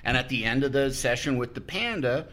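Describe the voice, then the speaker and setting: A man's voice: medium pitch, expressive, a little fast, a bit bright. A man on a podcast as a guest, chatting casually and telling a rambling anecdote, often breaking off mid-sentence and acting out what people said. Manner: rambling, self-interrupting storyteller who acts out quotes.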